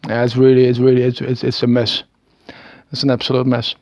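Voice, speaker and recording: A man's voice: medium pitch, monotone, brisk, a little mellow, no room sound, dull audio. A Dutch man in his thirties with a Dutch accent, talking in a hesitant, rambling monologue full of stammered restarts and small chuckles. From Netherlands. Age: 30s. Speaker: video maker. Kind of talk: rambling self-recorded monologue.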